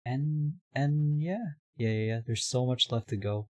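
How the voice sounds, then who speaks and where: A hoarse young man streaming live, chatting casually, reading his chat aloud and laughing often. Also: mid-range voice, measured pace, darkish tone.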